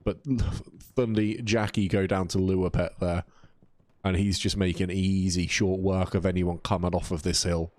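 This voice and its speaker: An esports caster with a low, slightly mellow voice covers a live video game match in a flat, unhurried delivery. He's casual and chatty, reacting to chat between plays and reading messages aloud.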